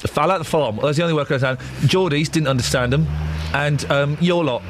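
Man, radio presenter, high voice, playful and teasing, faint background noise. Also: fast talker. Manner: teasing, playful, repeats questions. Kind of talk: casual radio banter. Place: radio studio.

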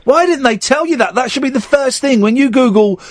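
Male radio host, jokey rambler, lively up-and-down delivery, dry studio sound. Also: extremely high pitch, a little fast, dry recording. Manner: rambling, jokey, self-mocking. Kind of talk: casual radio chat. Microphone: studio mic.

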